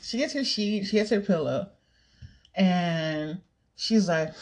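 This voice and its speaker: A woman's voice: fairly low pitch, slow pace, darkish tone. A young woman chatting casually to camera, rambling, giggling and swearing now and then. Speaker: vlogger. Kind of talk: casual chat.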